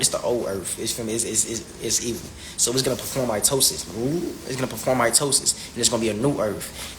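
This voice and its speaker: A young man rants about spirituality in a rapid, preachy stream. He repeats himself and peppers the talk with slang and "you feel me?", at a middle pitch. Faint ambience sits behind him. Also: fairly bright tone, slight background noise, poor audio. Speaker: vlogger. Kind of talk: spiritual rant.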